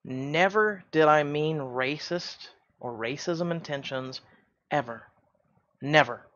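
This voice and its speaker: A man's voice: on the high side, slow, fairly bright tone. Heated man ranting in a dull, lo-fi recording. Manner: heated, repeats himself, stumbles. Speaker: YouTube channel host. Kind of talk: defensive vlog rant.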